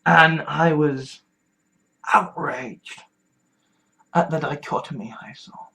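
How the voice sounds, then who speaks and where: A speaker talks quietly into a vlog, stopping and restarting and repeating words. The voice sits mid-range and moves slowly, and at times it sinks almost to a whisper. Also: medium pitch, steady tone, creaky, low-quality recording. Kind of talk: confessional vlog monologue.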